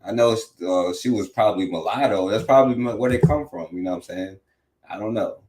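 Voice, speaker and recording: A man's voice: lowish voice, fairly quick, a little mellow, echoey room. A man hosting a talk radio show, commenting on a played clip in a rambling, mocking way with lots of filler phrases. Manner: mocking and profane.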